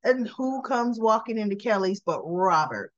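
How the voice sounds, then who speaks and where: A woman in her sixties giving a chatty, casual recap of a soap episode, talking through the scenes in an animated way. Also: moderate pace, no echo. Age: 60s. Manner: chatty, acting out the characters' lines with lively pitch jumps. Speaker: soap opera recap vlogger. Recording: slightly dull, lo-fi audio.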